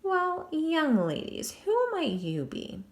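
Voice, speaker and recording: A woman's voice: high voice, wildly swooping pitch, slow pace, pitched above the performer's own voice, exaggerated voice. Woman putting on a cocky English jailbird. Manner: swaggering, boastful. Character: cocky young English male jailbird, boastful.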